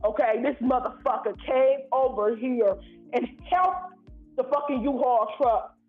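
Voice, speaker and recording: A man from Ohio calls in and rants in a heated, profane, rambling way. His voice sits very high. It comes through a tinny, echoey phone line. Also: unhurried, faint music behind. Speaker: caller. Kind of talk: angry call-in rant. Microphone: phone call.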